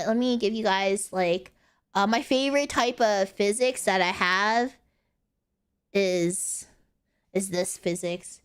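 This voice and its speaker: A woman's voice: mid-range voice, slow pace, pauses often, clear, resonant tone. A young woman streaming casually, rambling playfully and laughing often. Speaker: VTuber streamer. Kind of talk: casual live-stream chat.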